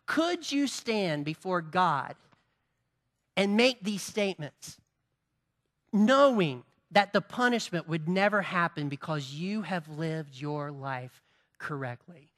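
A pastor delivers a sermon in a bright, ringing voice, pressing points home through repetition and rhetorical questions put to the congregation. The delivery climbs into forceful, emphatic stretches. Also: mid-range voice, expressive, slow pace. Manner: preaching with rising emphatic passages and repetition.

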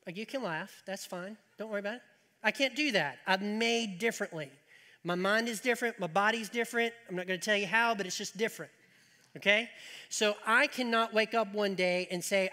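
Pastor preaching a sermon, high bright voice, folksy with jokes, long church-hall reverb. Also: male voice, brisk. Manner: folksy, joking asides to the congregation. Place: church sanctuary.

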